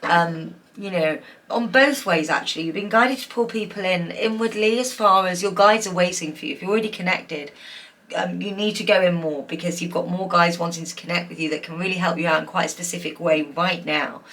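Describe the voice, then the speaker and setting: A woman's voice: on the low side, a little fast, fairly bright tone. A woman giving a pick-a-card tarot reading, emotional and gushing, with many fillers. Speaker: tarot reader.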